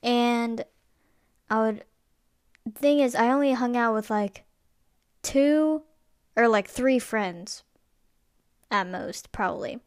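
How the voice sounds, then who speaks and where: A woman's voice: on the high side, slow pace, long pauses, no echo, studio quality. A young woman hosting a podcast, telling personal stories in a rambling, casual way with lots of fillers and restarts. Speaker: podcast host.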